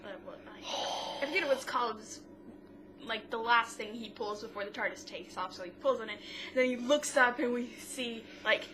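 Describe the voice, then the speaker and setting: Woman, fairly high voice, casual podcast co-host, retelling TV scenes, quoting lines, frequent restarts, noisy recording. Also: moderate pace, sharp tone. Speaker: co-host of a mother-daughter podcast. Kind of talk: casual chat recapping a TV episode.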